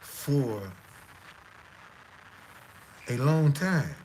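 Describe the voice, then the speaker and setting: A man's voice: mid-range voice, lively intonation, drawn-out words, darkish tone, a little hiss or hum, rough recording. A man hosting a live stream, talking to his audience in a stammering, repetitive, defiant way. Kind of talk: casual live-stream monologue.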